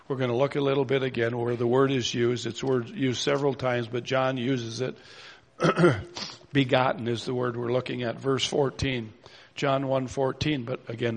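Gravelly-voiced man preaching in a reverberant hall. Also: medium pitch. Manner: teaching, steady and explanatory, reads verses aloud. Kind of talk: sermon. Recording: long reverb of a church hall.

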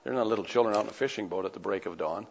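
A man's voice: on the low side, racing, vocal fry, slightly rough. A man preaching a sermon, reading scripture aloud and breaking off into casual conversational asides. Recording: dull lo-fi recording with long hall reverb.

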